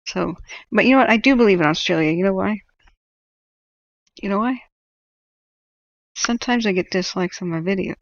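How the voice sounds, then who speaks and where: A woman from California chats loosely on her livestream, rambling and laughing as she trips over unfamiliar names. Her voice sits at a middle pitch. The sound is dry and a bit dull, like a basic lo-fi stream mic. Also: normal speed, pauses often, dry recording. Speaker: wildfire-tracking livestream host. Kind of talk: casual livestream chat.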